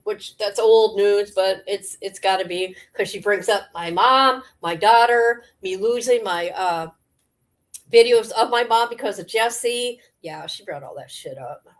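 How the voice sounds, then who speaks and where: A woman talking straight to her stream audience, confrontational and rambling as she calls out a critic. Her voice sits at an everyday middle pitch, and she trips over fillers and repeats her challenges. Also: unhurried. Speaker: live streamer. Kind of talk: ranting live stream monologue.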